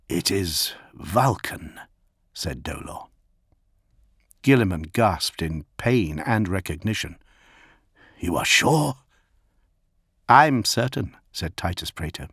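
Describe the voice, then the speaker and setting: A male narrator reading an audiobook in a measured, dramatic way. His voice sits low and husky. The recording is dry and close. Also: dry recording.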